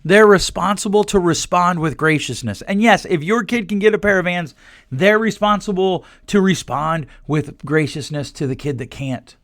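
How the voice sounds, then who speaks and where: A man's voice: high-pitched, moderate pace, a bit bright, no room sound, clean studio sound. A man in his forties hosting a solo podcast, talking bluntly and animatedly, quoting people in put-on voices. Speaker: podcast host.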